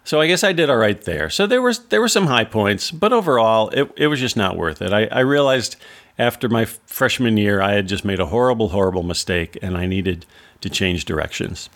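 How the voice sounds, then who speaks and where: A man's voice: fairly low pitch, expressive, a little fast, fairly bright tone. A man from Wisconsin hosting a podcast, telling a wry, incredulous story about his past in a monologue. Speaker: podcast host.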